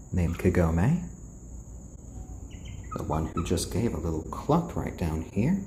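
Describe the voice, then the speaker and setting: Brief: male live-stream host, gentle and soothing, mellow low tone, roomy echo, faint crickets behind. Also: slight background noise. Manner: soft, slow, soothing voice used to calm the chickens. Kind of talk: casual live-stream chat, reading out viewer comments. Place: indoors, roomy.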